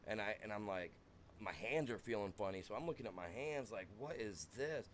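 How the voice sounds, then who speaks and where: A man's voice: fairly low pitch, brisk, a little hiss or hum. A young American man streaming a farming game, rambling through a wild personal story and saying "dude" constantly.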